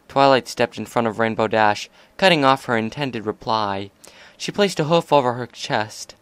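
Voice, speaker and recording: A man narrating a fan fiction story aloud in a steady, even delivery. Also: fairly low pitch, moderate pace, clear, resonant tone, no room sound.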